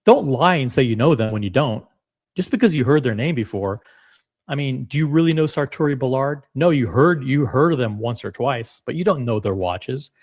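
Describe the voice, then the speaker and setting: A man hosting a reaction video, talking in an animated, rambling and blunt way with casual swearing. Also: mid-range voice, normal speed. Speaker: watch channel host reacting to clips.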